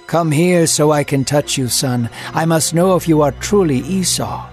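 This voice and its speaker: A man speaks a little high, at a moderate pace, with faint music in the background. He plays an old blind father solemnly declaiming blessings, pitching this character above his own voice yet staying close to an everyday sound, in a probing mood.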